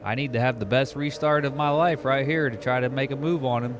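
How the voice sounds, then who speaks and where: A man commentating an online sim race he is driving in, narrating the action in casual, excitable chat. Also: mid-range voice, a little fast, muffled recording. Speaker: sim racing commentator and driver.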